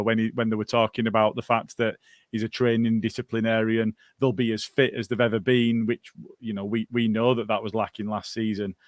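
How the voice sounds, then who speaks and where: A man's voice: lowish voice, no echo, clean studio sound. A man co-hosting a football podcast, chatting casually and putting questions to his co-hosts. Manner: conversational, asks co-hosts questions. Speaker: podcast co-host.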